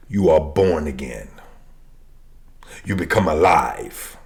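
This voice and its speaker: A man preaching a sermon who repeats key phrases and swings between shouted declarations and quiet, low lines. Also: big pitch swings, slow, long pauses.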